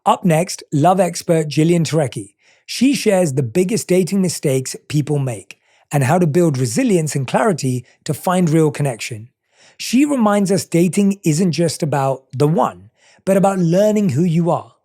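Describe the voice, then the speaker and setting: A man hosting a podcast, chatting with a guest and reading a calm scripted recap. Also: on the high side. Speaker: podcast host. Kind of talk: casual chat and scripted recap narration.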